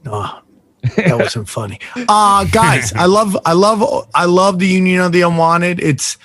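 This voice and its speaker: A man's voice: sits high, expressive, measured pace, fairly bright tone, no echo. A man co-hosting a podcast, speaking earnestly and appreciatively to his co-hosts. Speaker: podcast co-host. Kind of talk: casual podcast sign-off.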